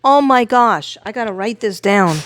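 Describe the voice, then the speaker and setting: A woman's voice: fairly high pitch, normal speed. Woman reading tarot cards aloud. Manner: reads card words in long lists, then animated retelling. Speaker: psychic tarot reader. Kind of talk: psychic tarot reading video.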